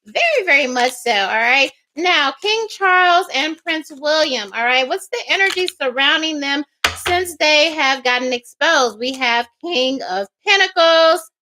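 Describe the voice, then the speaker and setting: A woman's voice: high voice, expressive, measured pace, few pauses, sharp tone. A woman doing a livestream tarot reading, talking in a sassy, emphatic way with laughs and mocking asides. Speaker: psychic tarot reader.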